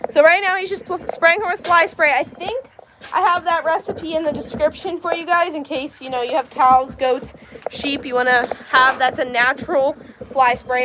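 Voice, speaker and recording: A woman's voice: high voice, background noise. A woman hosting a casual livestream while doing farm chores, chatting to viewers, talking to her animals and laughing often, recorded on a handheld phone in a farmyard and barn. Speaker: livestream host.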